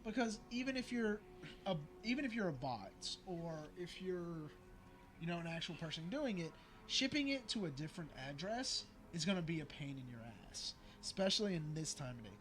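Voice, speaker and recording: Animated high-voiced gaming streamer man. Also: brisk. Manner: animated, argumentative, swears freely. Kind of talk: casual chat over gameplay.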